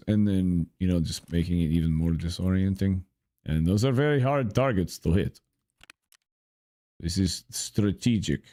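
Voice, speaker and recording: A man's voice: low voice, dark tone, no room sound, studio quality. A young man hosting a gameplay channel, rambling through casual commentary with profane, frustrated grumbling. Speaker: gaming channel host.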